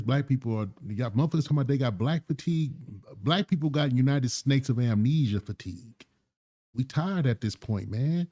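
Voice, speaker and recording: A man's voice: mid-range voice, warm tone. A man hosting a commentary channel, talking bluntly and with heated profanity. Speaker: channel host. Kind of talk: casual commentary.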